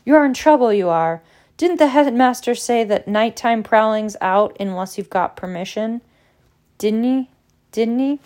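A woman's voice: fairly high pitch, animated, unhurried, darkish tone, voice pushed up. A woman voicing a wheezing, spiteful old male caretaker who gloats. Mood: gloating.

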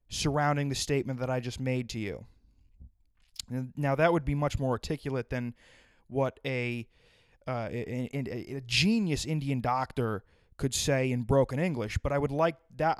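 A man's voice: medium pitch, clear, resonant tone, dry recording, studio quality. A man hosting a podcast, talking in a blunt, provocative, rambling way in a casual monologue. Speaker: podcast host. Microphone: close podcast microphone.

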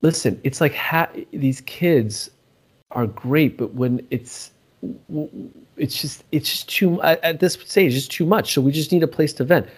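A man's voice: on the high side, unhurried, husky. A middle-aged man co-hosting a podcast, talking casually, rambling and restarting his thoughts, swearing freely. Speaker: podcast co-host.

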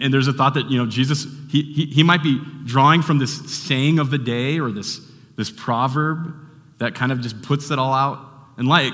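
A male pastor preaches in an easy, conversational manner, often circling back and restarting his sentences. His voice sits at an ordinary middle pitch. The sound carries a long reverb from a large church hall. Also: a bit bright. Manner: conversational, rambling with restarts and fillers. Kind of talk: sermon.

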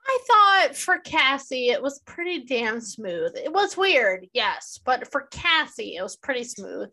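A woman's voice: sits high, sing-song, unhurried, few pauses, sharp tone. A woman co-hosting a podcast in casual chat, adding comments and quoting characters' lines back. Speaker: podcast co-host.

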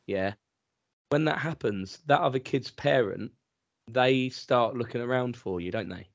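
A man's voice: measured pace, gravelly, no echo. Sweary man telling stories. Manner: sweary storyteller, mimics others in high voices. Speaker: podcast co-host. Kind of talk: casual chat. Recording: dry muffled podcast mic.

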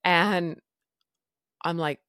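A woman's voice: fairly low pitch, steady tone, drawn-out words, a bit bright, dry recording, clean studio sound. A woman hosting a podcast, telling a personal story frankly with wry humor and casual swearing. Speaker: podcast host.

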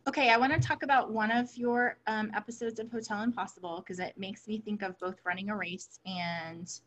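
A woman's voice: mid-range voice, steady tone, a little fast, a bit bright. A woman co-hosting a casual chat, effusive and affectionate, with frequent "like" and "um" fillers. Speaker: podcast co-host.

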